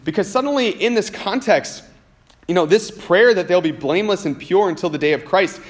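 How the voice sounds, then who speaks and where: Guy pastor w a high voice, chatty sermon, reads bible passages out. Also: fairly quick. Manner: conversational, uses casual fillers while reading scripture aloud.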